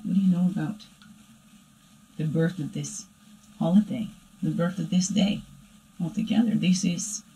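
A woman voicing her own playful alter-ego dark side, giving a rambling, chatty spiritual reading that keeps asking "right?". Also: fairly low pitch, low-quality recording. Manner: rambling and chatty, tagging "right?" onto lines. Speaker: spiritual reader. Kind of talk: spiritual daily energy reading.

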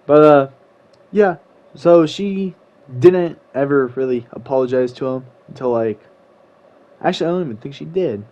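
A man's voice: fairly high pitch, normal speed, long pauses, dark tone. A young man casually telling a story as a vlogger, slangy and rambling, with sudden exasperated outbursts. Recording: slightly muffled lo-fi recording.

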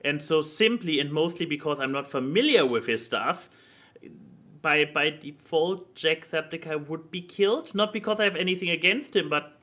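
Bright-voiced halting man podcaster. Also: a little high. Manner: halting, repeats words while thinking. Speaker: podcast co-host. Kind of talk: casual podcast chat.

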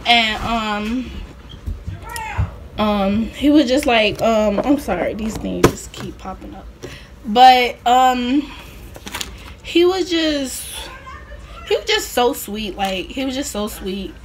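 A woman's voice: a little high, expressive, slow pace, long pauses, a little hiss or hum. A young woman vlogger chatting casually through a rambling personal story, full of fillers and laughing asides.

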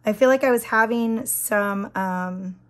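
A woman in her thirties with a hoarse, scratchy voice that drops into whispers, chatting and gushing while doing her nails. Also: medium pitch, unhurried, fairly bright tone. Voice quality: breaks into whispers. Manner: chatty, gushing, many fillers. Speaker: nail vlogger. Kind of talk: casual chat while doing a manicure.

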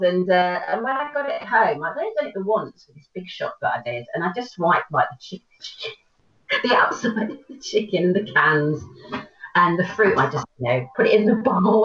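A middle-aged woman, an actor, telling stories in an animated way over a video call. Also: lowish voice, brisk. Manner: animated storytelling, laughs often. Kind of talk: casual chat. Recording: echoey distant dull call audio.

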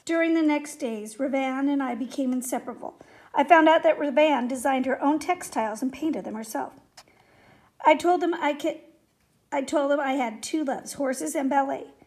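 High-voiced woman reading a children's story. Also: moderate pace, a little mellow. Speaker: story reader.

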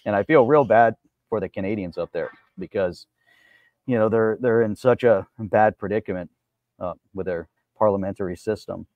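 A man co-hosting a casual talk show, giving steady commentary and short agreeing replies. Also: on the low side, moderate pace, no echo, phone-quality sound. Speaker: co-host. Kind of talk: casual chat.

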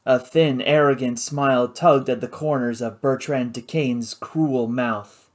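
This is an audiobook narrator reading a novel aloud. The delivery is measured and descriptive, with plain, steady storytelling. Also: mid-range voice.

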